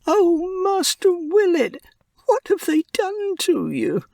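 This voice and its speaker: A man's voice: wildly swooping pitch, slow, creaky, darkish tone, no room sound, studio quality, heavily acted. Tearful little mouse boy. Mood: pleading. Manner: very high, pleading, tearful. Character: young male mouse, frightened and tearful.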